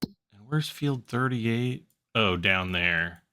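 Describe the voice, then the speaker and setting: A man hosting a farming game video, chatting casually and thinking out loud as he plays. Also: lowish voice, lively intonation, takes it slowly, a little hiss or hum. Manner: chatty, thinking aloud while playing. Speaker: gaming channel host. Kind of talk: casual gameplay commentary.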